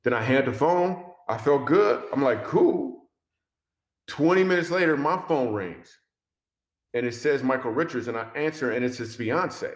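A man's voice: medium pitch, normal speed, reverberant. A man, a comedian, animatedly telling a personal story in conversation, acting out quoted dialogue and speaking about faith. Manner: speaks of faith and following God's voice.

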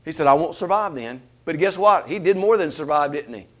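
A man preaching a sermon, asking rhetorical questions in an animated delivery. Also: fairly high pitch, fairly quick.

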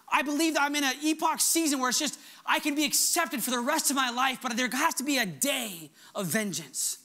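A middle-aged man delivers a sermon with earnest, emphatic conviction. His voice is bright and forward, and he often drops to a soft, hushed tone for effect. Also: very high-pitched, lively intonation, normal speed. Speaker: pastor.

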